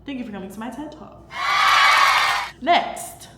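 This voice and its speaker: A woman's voice: a little high, rapid-fire, over a noisy crowd. A young woman hosting a casual faith talk to camera, chatty and emphatic, with lots of fillers. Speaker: podcast host. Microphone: camera microphone. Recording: echoey room, faint background hum.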